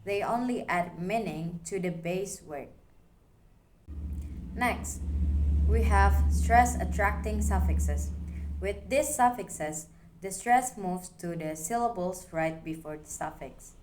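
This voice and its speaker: Slow-paced woman reading a lesson. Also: medium pitch, background noise. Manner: slow, careful, reads examples one by one. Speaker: student presenter. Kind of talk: reading a phonology class presentation.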